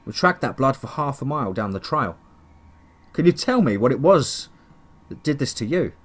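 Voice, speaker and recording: A man voicing an older male forest service official who speaks with a Texan twang in a calm, questioning way. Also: medium pitch, moderate pace. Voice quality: country twang.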